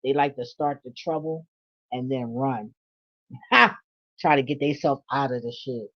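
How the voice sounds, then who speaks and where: A woman's voice: extremely low pitch, normal speed. Blunt, profane woman reading tarot. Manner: blunt, profane, laughing asides. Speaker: tarot reader. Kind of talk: casual tarot reading vlog. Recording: dull lo-fi audio.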